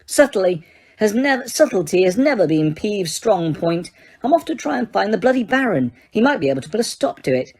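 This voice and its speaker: A woman voicing a prim, bored ghost of an old-fashioned gentleman in an audiobook reading. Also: mid-range voice, sing-song, brisk, slightly rough. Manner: bored, fussy and proper.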